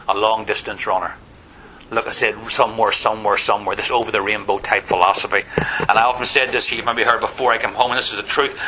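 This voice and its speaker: A man's voice: lowish voice, bright, forceful tone, slight background noise, poor audio. A middle-aged man with a Northern Irish accent, giving a wry personal testimony at a recovery meeting, with many "you know" fillers. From Northern Ireland.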